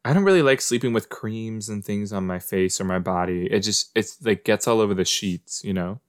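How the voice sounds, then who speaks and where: A man's voice: lowish voice, brisk, clear, resonant tone, no echo, studio quality. A man hosting a podcast, chatting casually and musing aloud as he reacts to a show playing in front of him. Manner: chatty, musing, talks to the screen. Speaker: podcast host. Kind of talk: casual reaction commentary while watching a show.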